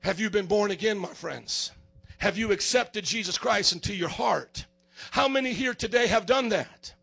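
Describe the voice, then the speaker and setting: A male preacher giving a sermon, emphatic and questioning the congregation, swinging between shouts and quiet passages. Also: high voice, moderate pace, gravelly, breathy edge.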